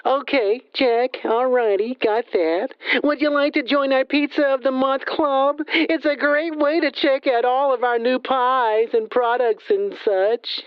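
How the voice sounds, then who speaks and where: A woman voices a new young pizza-shop clerk who is earnest and overly polite. She speaks slowly, with a smooth, clear voice. The sound is dry and slightly dull. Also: high voice, fairly even intonation, dry recording. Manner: overly polite, rattles off long lists.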